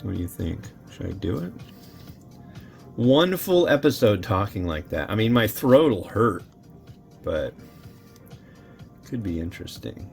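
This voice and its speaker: A man's voice: lowish voice, big pitch swings, unhurried, gravelly, pauses often, a little mellow, soft background music. A man who reviews instant noodles, chatting casually and rambling to his viewers as he cooks and tastes. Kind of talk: casual chat while cooking and tasting.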